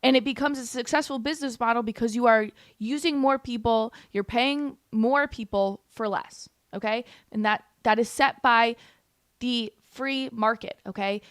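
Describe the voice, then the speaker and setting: A woman's voice: on the high side, moderate pace, no echo, clean studio sound. A young woman hosting a livestream, reacting to clips with blunt, heated, sarcastic commentary. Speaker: political commentary host.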